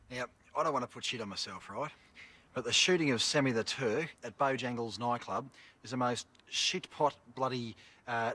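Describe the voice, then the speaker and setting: An actor playing a crude, boastful Australian career criminal who swears constantly and bosses people around, in a film drama. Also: male voice, on the low side, noisy background, lightly acted. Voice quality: coarse, swears constantly, bossy. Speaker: convicted criminal giving a television interview.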